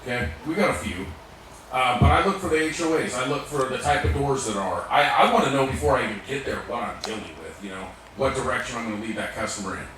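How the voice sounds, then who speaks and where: A man telling animated, profane sales stories to a live audience. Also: mid-range voice, fast. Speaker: sales technician speaking to an audience. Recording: echoey room, mic far off, faint room noise.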